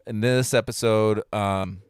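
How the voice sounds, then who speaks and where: A man's voice: lowish voice, steady tone, unhurried, clean tone, no room sound, clean studio sound. A man co-hosting a podcast from home, laid-back and casual, laughing often. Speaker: podcast co-host. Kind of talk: casual chat. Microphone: remote home setup.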